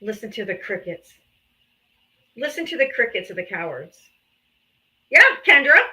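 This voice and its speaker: Combative bright-voiced woman streamer. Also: mid-range voice, sing-song, normal speed, a little hiss or hum, poor audio. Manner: combative, taunting, calls out viewers. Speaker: livestream host. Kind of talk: confrontational political livestream.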